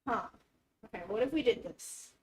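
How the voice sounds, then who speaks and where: A woman's voice: on the high side, animated, moderate pace. Chatty, giggly young woman in an echoey kitchen. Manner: chatty and flustered, giggles and talks to herself. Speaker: YouTuber cooking for viewers. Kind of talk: casual cooking vlog. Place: home kitchen. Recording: roomy kitchen echo, faint noise.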